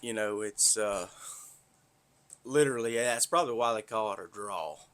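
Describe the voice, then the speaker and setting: Casual podcast host, a Southern-accented man with a lowish voice, blunt and profane, rambling. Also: moderate pace. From north Florida. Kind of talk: casual monologue.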